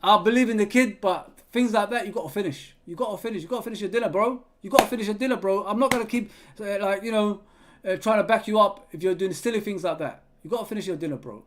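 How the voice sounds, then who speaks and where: Man, high-pitched voice, live match watch-along commentary, excitable, shouts at players. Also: fast. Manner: excitable, yells at players, chatty asides. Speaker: fan channel host reading live chat.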